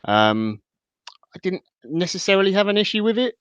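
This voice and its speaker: A man talking football as a podcast guest, measured and thinking aloud, over slightly dull call audio. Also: sits high, very animated, a bit bright, smooth, dry recording. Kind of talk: casual football analysis.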